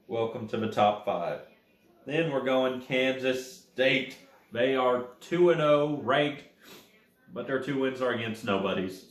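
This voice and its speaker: A man with a medium-pitched, reverberant voice hosts his own college football rankings as casual sports commentary. He's chatty, speaks directly to the teams, and corrects his own slips.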